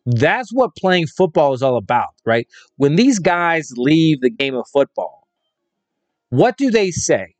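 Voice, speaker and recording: A man's voice: fairly high pitch, sing-song, unhurried, dry recording. A man hosting a solo fantasy football show, speaking with emphatic, repetitive conviction. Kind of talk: opinionated solo commentary.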